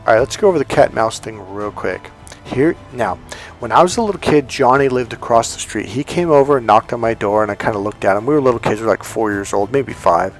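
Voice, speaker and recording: A man's voice: mid-range voice, fast, faint music behind. A man who works as a dating coach tells a story in a casual monologue, emphatic and repeating key words.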